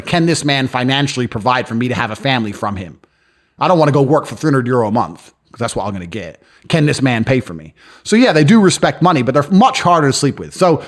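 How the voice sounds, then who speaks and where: A man who is a podcast guest, boastfully telling stories in a brash, crude way and acting out other people's lines. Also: medium pitch. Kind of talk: boastful storytelling in casual chat. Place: lives in London.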